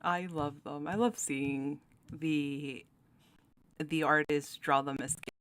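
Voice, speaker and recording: A woman's voice: low voice, fairly even intonation, slow pace, a bit bright, clear, resonant tone. A young woman hosting her channel, chatting casually while ranking game cards, giggling often and talking with many fillers and restarts. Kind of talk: casual commentary.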